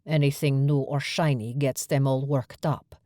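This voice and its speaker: A woman voicing a calm, gentle male Viking vampire in an audiobook, speaking low and measured. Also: no room sound, clean studio sound. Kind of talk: audiobook character voice.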